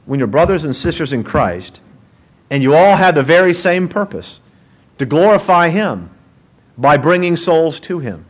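A man, a pastor, preaching a sermon in an animated, joking storytelling manner. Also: on the high side, normal speed, low-quality recording.

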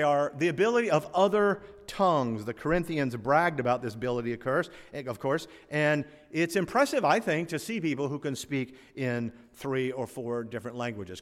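Male preacher, conversational and wry, recorded in a reverberant sanctuary. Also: medium pitch. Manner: conversational preaching with asides and humor. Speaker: pastor. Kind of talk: sermon. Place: church sanctuary. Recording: long hall reverb.

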